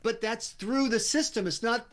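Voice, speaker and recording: An American man appearing as a guest commentator on talk radio, speaking in a brisk, wry, opinionated way. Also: extremely high pitch, a bit bright. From United States.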